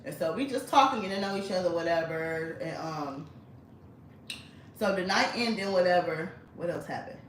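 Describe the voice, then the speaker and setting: Woman, low voice, blunt and chatty storyteller, recorded at a distance in an echoey room. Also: lively intonation, normal speed, slight background noise. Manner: blunt, chatty, frequent swearing and laughter. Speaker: vlogger. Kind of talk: casual storytelling.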